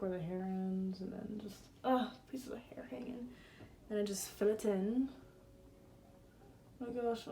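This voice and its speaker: In a room at home, a woman in her twenties talks through her makeup in a relaxed get-ready-with-me video, her mid-range voice a little mellow. This beauty vlogger is chatty and crude, with "like" scattered through nearly every sentence.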